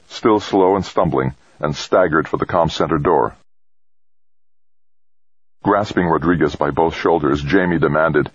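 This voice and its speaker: A man narrating a science fiction story in a steady, dramatic reading. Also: extremely low pitch, normal speed, husky, no echo. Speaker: audiobook narrator. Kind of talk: scripted narration. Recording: dull, dry close recording.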